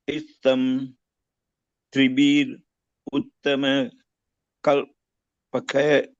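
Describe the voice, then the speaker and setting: A man in an online class reciting Sanskrit verse slowly and haltingly over a video call. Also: medium pitch, clear, resonant tone, dry recording. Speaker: class participant. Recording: dry, dull lo-fi call audio.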